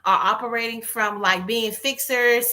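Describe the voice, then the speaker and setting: Bright-voiced woman therapist, animated. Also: a little high, moderate pace. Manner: animated storytelling, acts out quotes. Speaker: therapist and co-host. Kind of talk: casual conversation.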